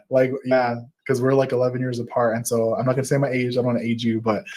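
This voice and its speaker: A man's voice: medium pitch, big pitch swings, normal speed. A man in his thirties hosts a live stream and reads out viewers' comments one after another. He talks casually, with fillers and frequent laughs between them. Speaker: host. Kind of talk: reading live chat comments aloud.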